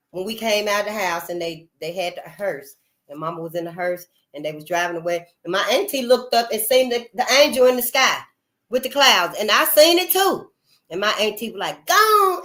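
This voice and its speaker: Speaking in a medium-pitched, fairly bright voice, a channel host addresses her viewers directly. Her casual monologue is emphatic and folksy, and she calls her audience honey and y'all.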